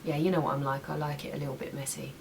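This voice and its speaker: Rapid-fire and level in tone, a young woman's low voice with vocal fry narrates her home makeup tutorial, chatting casually and adding small asides as she goes. The mic is a little distant, catching faint room noise.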